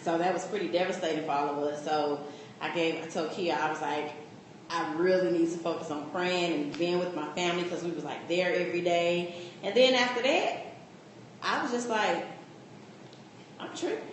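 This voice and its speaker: A woman giving a casual, animated personal testimony at a coaching meeting. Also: on the low side, moderate pace. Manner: casual, animated storytelling with laughter. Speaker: coaching client. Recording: echoey room with faint noise.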